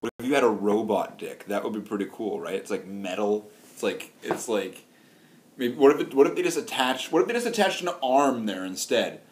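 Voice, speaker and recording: A man's voice: fairly low pitch, lively intonation, fairly quick, slight background noise. A man rambling on camera in a loose, crude comedic riff. He keeps restarting his sentences and drifts from one absurd idea to the next, playing with silly rhyming words. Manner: meandering, restarts often, riffs on silly wordplay. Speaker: vlogger.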